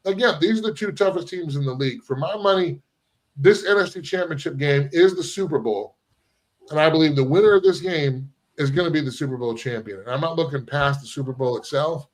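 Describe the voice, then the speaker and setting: Man hosting a sports talk show. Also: a little high. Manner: asks questions, cites stats from notes. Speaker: host.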